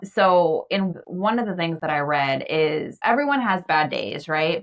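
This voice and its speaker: A woman hosting a podcast interview, her voice very low and heard from some distance away from the microphone. She talks in a relaxed, reflective way as she shares her own thoughts. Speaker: podcast host. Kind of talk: casual interview chat. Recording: distant from the mic.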